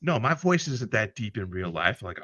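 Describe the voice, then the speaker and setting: Lively, bright-voiced swearing male host. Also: lowish voice, normal speed, breathy edge, no echo, muffled recording. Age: older than internet youth. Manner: animated, profane, laughs often. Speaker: podcast host. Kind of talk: casual livestream chat.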